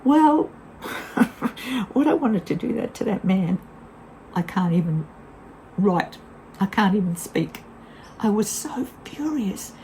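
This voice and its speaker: An older woman speaks in a mellow, warm tone and rambles through a casual story. Her pitch swings widely as she talks. She is blunt and candid and laughs easily, with a faint hiss behind her. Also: lively intonation, unhurried, pauses often, rough recording. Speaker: vlogger.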